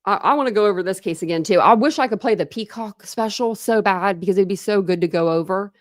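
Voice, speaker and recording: A woman's voice: mid-range voice, fast talker, no echo, clean studio sound. A young adult woman from the United States hosting a casual true crime live stream, chatting and answering viewer comments. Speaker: true crime channel host.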